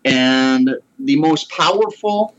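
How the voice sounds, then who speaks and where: A man's voice: medium pitch, lively intonation, slow, muffled recording. A man in his forties earnestly telling a personal story in a casual conversation. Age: 40s. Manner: earnest, heartfelt.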